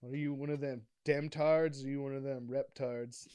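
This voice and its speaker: A man's voice: medium pitch, fairly even intonation, moderate pace, warm tone, smooth, dry recording. A young man co-hosting a casual comedy podcast, rambling crudely with lots of "like.". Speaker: podcast co-host.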